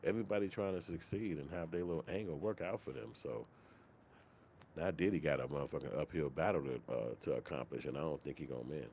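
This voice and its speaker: Man, very low voice, profane casual rant, animated, faint noise behind. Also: fast. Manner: profane, animated, slips into mock quoted voices. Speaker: commentary channel host.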